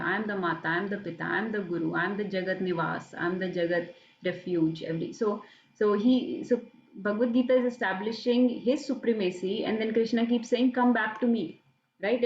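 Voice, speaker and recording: A woman's voice: medium pitch, slight background noise. Woman, scripture teacher, recites verses, roomy echo, dull lo-fi sound. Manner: explanatory, recites Sanskrit verses. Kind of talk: scripture class lecture. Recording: echoey, dull lo-fi audio.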